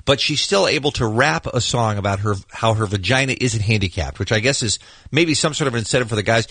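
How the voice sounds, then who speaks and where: A man's voice: mid-range voice, a little fast, slightly rough, dry recording. A man co-hosting a morning radio show, telling stories with wry jokes in casual banter. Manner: wry, joking, animated storytelling.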